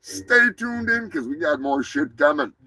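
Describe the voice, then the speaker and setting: Rowdy, gravelly livestream host. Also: male voice, expressive, unhurried. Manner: rowdy, profane, shouting out to viewers; drops to low mutters between sign-offs. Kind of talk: casual live-stream sign-off chat. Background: music playing.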